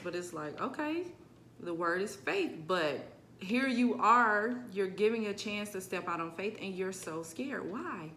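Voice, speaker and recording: Bright-voiced woman telling her story. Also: medium pitch, slight background noise. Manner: animated, expressive, swings between quiet and emphatic. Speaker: vlogger sharing a personal testimony. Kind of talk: casual storytelling to camera.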